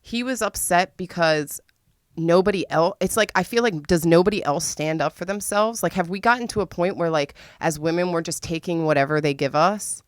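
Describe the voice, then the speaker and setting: A woman's voice: fairly low pitch, normal speed, no room sound, studio quality. A woman hosting a podcast, telling a story in a casual, profane way, laughing often. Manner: excitable, voice spikes when venting. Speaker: podcast host.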